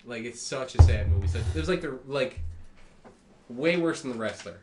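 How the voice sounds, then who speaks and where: A man's voice: medium pitch, lively intonation, normal speed, over music. A man in casual podcast chat, laid-back and swearing freely. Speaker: podcast co-host. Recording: roomy room, faint noise.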